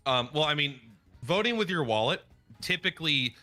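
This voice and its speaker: A man's voice: fairly high pitch, moderate pace, faint music behind. A man from the Pacific Northwest co-hosting a casual podcast, joking around and often repeating his first words. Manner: animated, stammers and repeats words, jokey. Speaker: podcast co-host.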